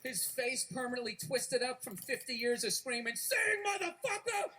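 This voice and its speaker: High-voiced man ranting in stand-up. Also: flat delivery, normal speed, pushed and bright, rough recording. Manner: profane, ranting, mocking. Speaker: stand-up comedian. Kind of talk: stand-up routine. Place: stage before a live audience. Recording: live recording with clear background noise.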